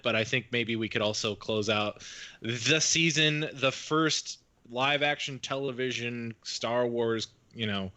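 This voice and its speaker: A man with a bright, forceful voice hosts a casual podcast. He talks in a chatty, rambling way, full of fillers and restarts. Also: medium pitch. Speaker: podcast host.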